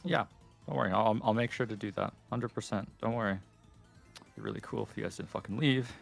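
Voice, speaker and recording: A young man playing a superhero tabletop game, excitable and cursing often in casual talk. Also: on the low side, a little fast, creaky, soft background music. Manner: excitable, swears a lot. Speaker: player.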